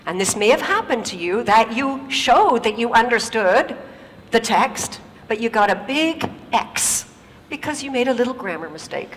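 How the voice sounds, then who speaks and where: A woman's voice: on the high side, normal speed, a little hiss or hum. Woman giving a talk in an echoey hall. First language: English. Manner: lively storytelling, addresses the audience with questions. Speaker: speaker. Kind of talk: stage talk.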